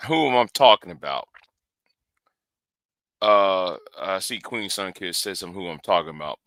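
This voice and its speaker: A tired man chats casually on his live stream, drawling slowly with lots of ums and false starts. His voice is bright and smooth, a little low, and the sound is dry and close. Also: no echo. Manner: rambling, halting, many fillers and restarts. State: tired, yawning after work.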